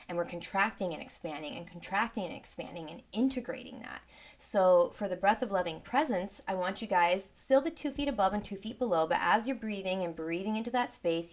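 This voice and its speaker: A woman leading a guided sound healing meditation with gentle, soothing, unhurried guidance. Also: mid-range voice. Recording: roomy with a long reverb tail.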